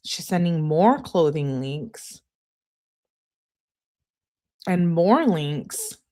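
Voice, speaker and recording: A woman's voice: on the low side, sing-song, very slow, warm tone. A woman hosting a true crime channel, reading text messages aloud in a plain way and spelling out abbreviations letter by letter.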